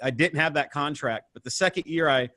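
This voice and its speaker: Recorded with no room sound, this man's fairly high voice moves briskly. He's in his thirties, from the American Midwest, and appears as a guest on an entrepreneurship interview. He tells his story casually and animatedly, acting out the dialogue.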